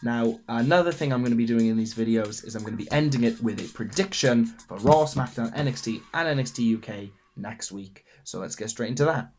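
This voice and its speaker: A young man, hosting a wrestling podcast alone, gushing as an excitable fan. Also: mid-range voice, a little fast, hardly any pauses. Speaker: podcast host. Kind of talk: solo wrestling podcast rundown.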